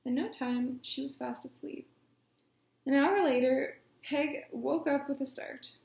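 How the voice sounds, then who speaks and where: A woman reading a children's storybook aloud in a gentle, measured way. Her voice is high with a gravelly fry, and the room gives it a noticeable echo. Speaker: storytime reader. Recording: echoey room.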